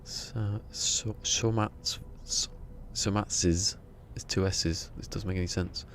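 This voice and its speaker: Deep-voiced male game streamer, gravelly tone, rambling casual commentary, faint hiss behind. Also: steady tone, slow, fairly bright tone. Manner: rambling, chatty, muttering to himself.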